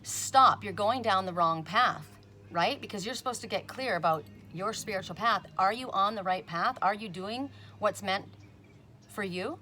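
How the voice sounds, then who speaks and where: A woman's voice: mid-range voice, normal speed, sharp tone, faint music behind. A woman giving a casual spoken oracle card reading. She chats, often tags on "right?", and breaks off with sudden emphatic "Stop.".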